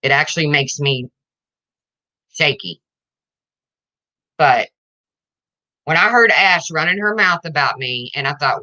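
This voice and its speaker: A woman's voice: low voice, animated, unhurried, pauses often, pushed and bright, dull audio. A woman livestreaming to her viewers, ranting in an indignant, confrontational way and addressing them directly.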